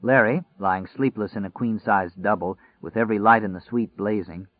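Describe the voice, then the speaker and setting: A man narrating an audiobook in a measured, deliberate reading. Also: medium pitch, dry recording. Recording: dry, phone-like narrow sound.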